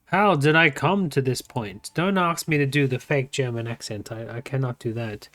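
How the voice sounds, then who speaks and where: An Australian man playing a game for his channel, reading its text aloud in his own voice, his pitch swinging up and down. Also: normal speed, hardly any pauses, a bit bright. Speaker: gaming YouTuber. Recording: faint game music behind the voice. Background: faint game music.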